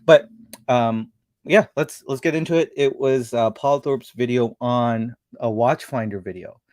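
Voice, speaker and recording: A man's voice: mid-range voice, a little slow, a little mellow, dry recording, clean studio sound. A man hosting a casual livestream chat, rambling and thinking aloud as he talks. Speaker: show host.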